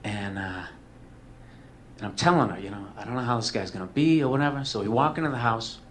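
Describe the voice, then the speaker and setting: A man's voice: mid-range voice, fairly quick. Guy comic rambling thru a sweary story, talk show guest, mid voice, bit of hiss. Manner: profane, rambling, self-mocking. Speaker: comedian guest.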